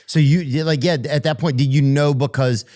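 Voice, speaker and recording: A man's voice: on the high side, steady tone, a little fast, dark tone. A man interviewing a guest, with short reactions and follow-up questions. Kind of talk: casual interview.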